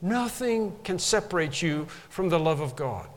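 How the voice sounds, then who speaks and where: A man's voice: a little high, lively intonation, moderate pace, in a large hall. A man preaching a sermon, emphatic and repeating phrases to drive them home.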